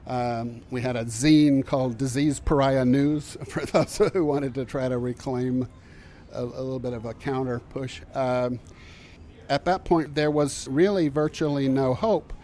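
An older man talks slowly through his memories in a reflective interview, pausing often and restarting his sentences. His voice sits at an ordinary middle pitch. Faint background noise hums behind him in an outdoor courtyard. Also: fairly even intonation, mellow. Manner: thoughtful, halting, with many fillers and restarts. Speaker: interviewee recalling community work.

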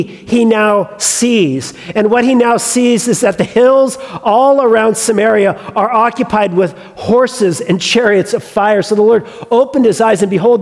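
A man's voice: sits high, long reverb tail. A male pastor preaching a sermon, retelling a story with humorous asides.

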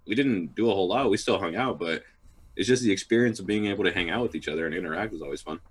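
A man's voice: low voice, racing, breathy edge. A man co-hosting a podcast, chatting in a blunt, profane, jokey way. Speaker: podcast co-host. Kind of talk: casual chat.

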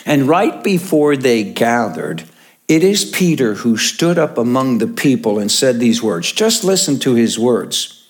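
A man's voice: medium pitch, sing-song. An older man, a pastor preaching a sermon, telling jokes and chuckling as he goes. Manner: slow, jokey storytelling with chuckles.

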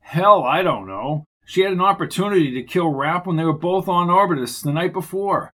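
A man's voice: high-pitched, expressive, normal speed, pushed and bright, exaggerated voice. A man reading the lines of a grumpy, sarcastic male detective in a clipped manner. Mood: gruff sardonic.

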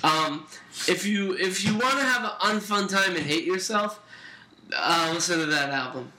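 Bright, high-voiced young man chatting. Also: animated, moderate pace. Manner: laid-back storytelling with frequent fillers and laughs. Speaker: podcast co-host. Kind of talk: casual chat. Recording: roomy echoey room.

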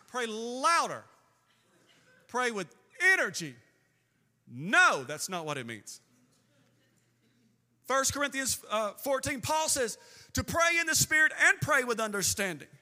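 A man preaching a sermon as pastor, swinging between emphatic bursts and slow, drawn-out phrases. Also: extremely high pitch, sing-song, pushed and bright. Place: church sanctuary with a band. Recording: long hall reverb with faint band music.

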